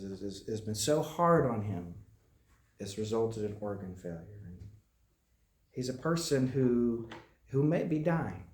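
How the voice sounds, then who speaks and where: A man's voice: medium pitch, a little mellow, reverberant. A man serving as a hospital chaplain, giving an informal, conversational message to a congregation, with frequent restarts and repeated phrases. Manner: halting, conversational storytelling with frequent restarts and repetitions. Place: meetinghouse worship room.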